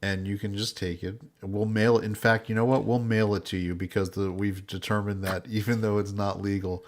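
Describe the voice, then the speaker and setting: A man's voice: fairly low pitch, little pitch movement, a little fast. A man co-hosting a livestreamed talk show, reading viewer messages aloud and making blunt, mocking remarks. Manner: blunt, mocking, laughs often. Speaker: co-host reading super chats. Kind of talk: casual livestream banter.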